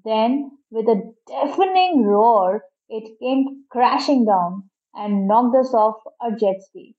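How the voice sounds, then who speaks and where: A woman reads a detective adventure aloud with lively, dramatic storybook narration. Her voice sits somewhat high, and the recording is dull and lo-fi. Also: takes it slowly. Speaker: story reader.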